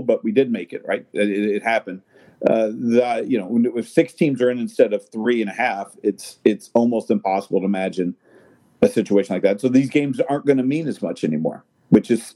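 Guy rambling about soccer on a podcast, mellow voice, tons of uh and you know. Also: lowish voice. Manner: rambling, many fillers and restarts. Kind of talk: casual chat.

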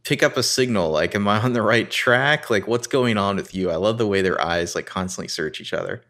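A man co-hosting a casual podcast, retelling a TV scene and acting out lines with lively rises. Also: fairly low pitch, fairly quick. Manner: narrates scenes and reads dialogue with animated rises. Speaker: podcast co-host recapping a TV episode. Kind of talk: casual chat.

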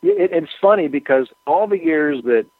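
A man, a musician guest, telling rambling anecdotes in a relaxed, casual interview with plenty of fillers. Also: a little high, moderate pace, no room sound. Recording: tinny phone line.

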